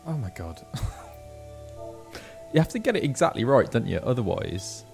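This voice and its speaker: A male voice actor chatting casually while streaming a game, animated and chatty, often stopping and restarting mid-sentence. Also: medium pitch, moderate pace, creaky, soft background music. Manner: chatty, animated, self-interrupting. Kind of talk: casual gameplay chat.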